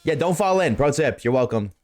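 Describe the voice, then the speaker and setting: A man's voice: expressive, brisk, darkish tone, soft background music. Casual, swearing male game streamer. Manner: loose and profane, chatting with viewers, jumps between high and low voice. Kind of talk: casual live-stream chat while gaming. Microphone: desk microphone.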